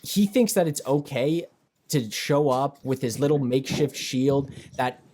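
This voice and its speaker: Young male podcast co-host, mid-pitched, animated and emphatic; long riffs. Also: unhurried. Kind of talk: casual podcast chat.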